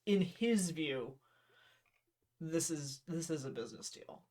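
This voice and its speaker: A woman's voice: low-pitched, lively intonation, slow pace, darkish tone. A woman co-host chatting casually, laughing often and swearing with emphasis. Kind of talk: casual chat.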